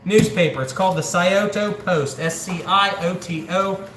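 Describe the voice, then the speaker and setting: A man's voice: sits high, normal speed, fairly bright tone, a little hiss or hum. Chatty man counting money in an echoey room. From central Ohio, USA. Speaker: livestreaming channel host. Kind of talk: casual livestream chat. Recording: echoey room with faint background ambience.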